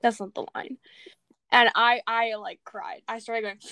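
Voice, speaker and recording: Young woman, high voice, dry close sound, gushing and rambling, casual chat retelling a film. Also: unhurried, no room sound. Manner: excitable, rambling, laughs a lot.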